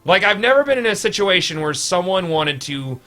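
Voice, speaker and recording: A man chatting casually as podcast co-host, excitable and swearing in his reactions. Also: high voice, brisk, faint music behind. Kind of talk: casual chat.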